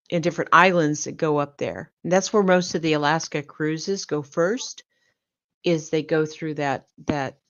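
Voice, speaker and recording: An older woman hosts a laid-back chat in an unhurried, slightly low voice. She rambles gently, pausing on ums. The audio is dull and lo-fi. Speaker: host. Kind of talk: casual chat.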